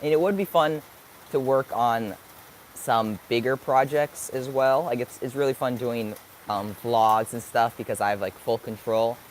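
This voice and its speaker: A man's voice: mid-range voice, a little slow, a little hiss or hum. A young man in his late teens answering viewer questions on a live stream, upbeat and thinking aloud as he searches for words. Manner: upbeat, sometimes hyper. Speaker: vlogger.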